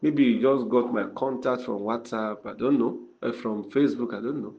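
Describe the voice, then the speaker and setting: A male pastor preaching a sermon, driving phrases home with repetition and dropping to quiet, urgent asides. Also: medium pitch, normal speed, very noisy. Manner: emphatic, repeats key phrases, drops to a hush. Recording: dull lo-fi recording.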